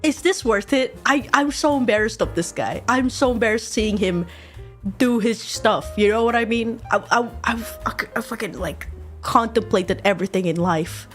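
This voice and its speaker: A young woman streaming casually while drawing, excitable and quick to laugh, swearing often. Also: fairly high pitch, soft background music.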